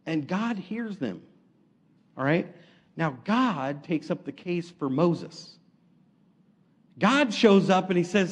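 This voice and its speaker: A man preaching a sermon, retelling stories in a lively, casual way and acting out the quotes. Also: fairly high pitch, slow, long pauses.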